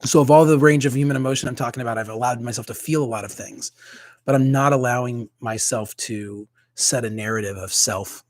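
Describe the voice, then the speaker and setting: A man's voice: medium pitch, fairly quick, no room sound. A man, a priest, talking candidly and casually on a livestream, rambling with many fillers and restarts.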